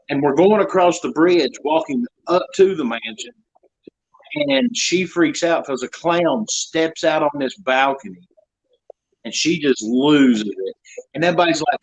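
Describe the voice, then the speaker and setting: Guy, bit high voice, laughing thru a story, kinda dull lo-fi call sound. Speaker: host. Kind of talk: casual storytelling chat.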